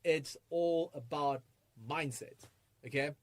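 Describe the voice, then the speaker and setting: Energetic man presenting a webinar, higher voice. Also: slow pace. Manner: energetic, rhetorical questions, chuckles often. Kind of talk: live online masterclass talk. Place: live online webinar.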